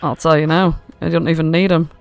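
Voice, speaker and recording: A woman's voice: deep voice, level tone, fairly quick, creaky, faint music behind. A woman runs a tabletop game as game master, narrating casually with swearing and frequent fillers. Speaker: dungeon master.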